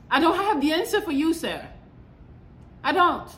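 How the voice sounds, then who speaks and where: A woman's voice: very high-pitched, expressive, normal speed, pauses often, fairly bright tone. A young adult woman hosting a podcast, talking in a blunt, exasperated, profane casual monologue. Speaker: podcast host. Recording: echoey room with faint ambience.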